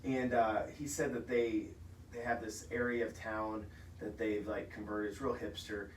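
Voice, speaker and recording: A man's voice: fairly low pitch, flat delivery, measured pace, roomy sound, distant mic, slight background noise, low-quality recording. A man co-hosting a casual food podcast, telling stories with enthusiasm and laughing easily. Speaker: podcast co-host. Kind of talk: casual chat. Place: office.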